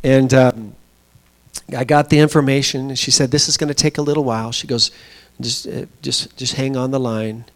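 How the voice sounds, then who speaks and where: Male pastor, mid-pitched voice, chatty storytelling sermon delivery. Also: steady tone. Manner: storytelling, conversational with pauses and fillers. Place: small church.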